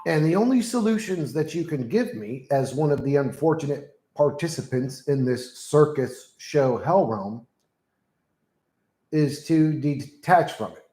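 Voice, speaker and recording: A man with a slightly high, expressive voice speaks at a measured pace, his rough recording full of reverb from a room at home. He hosts his own channel, ranting bluntly and casually with plenty of swearing, talking loudly into a mic right beside him as he dictates punctuation aloud to a voice assistant.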